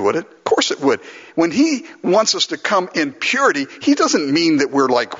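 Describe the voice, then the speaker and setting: A man's voice: fairly high pitch, big pitch swings, normal speed, fairly bright tone, husky. A man from Los Angeles preaching a sermon as a pastor, acting out prayers and chuckling often. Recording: lo-fi with long hall reverb.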